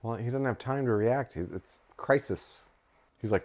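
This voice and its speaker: A man's voice: mid-range voice, moderate pace, a little mellow. Joking man with a cold, co-hosting. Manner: jokey, swears freely, bursts into silly voices. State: has a cold. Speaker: co-host. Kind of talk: casual movie-watching banter. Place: living room couch at home.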